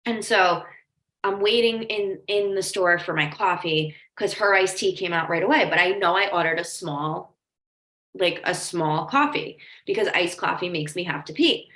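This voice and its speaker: A woman's voice: fairly low pitch, moderate pace, a bit bright. A woman coach giving a casual training talk, chatty and filling her sentences with "like". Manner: chatty, lots of "like", storytelling asides. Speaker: life coach leading a training. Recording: echoey room.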